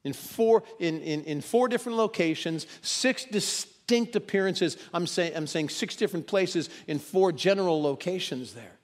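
A man preaching a sermon, moving between loud emphasis and hushed, dramatic quotes. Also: sits high, moderate pace, few pauses, big-room sound.

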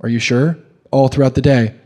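A young man preaching a sermon, animated, with quick restarts and questions put to the congregation. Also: mid-range voice. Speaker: pastor.

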